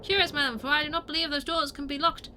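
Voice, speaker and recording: A woman's voice: sits high, fairly even intonation, fast talker, bright, forceful tone, slight background noise, voice pushed up. A woman voicing a formal, old-fashioned landlord in a video game, speaking in archaic phrasing.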